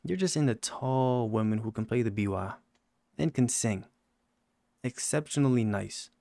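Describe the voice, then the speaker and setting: A man hosting a gaming channel, giving casual commentary on a horror game and yelping high when he gets scared. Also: normal speed, gravelly, dark tone. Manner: talks to game characters jokingly.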